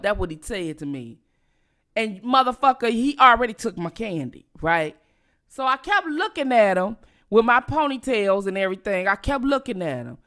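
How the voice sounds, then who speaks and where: At home, a middle-aged woman vlogger casually tells a story from her childhood, cursing freely and speaking directly to her viewers in an animated way. Her voice is fairly high and moderately paced.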